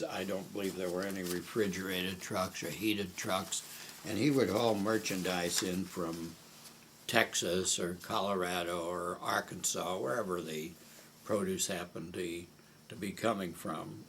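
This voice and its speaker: Older man, from Omaha, low voice, reminiscing, hesitant pauses. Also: steady tone, a bit bright, a little hiss or hum. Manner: unhurried, with frequent hesitations. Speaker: oral history interviewee. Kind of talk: reminiscing storytelling.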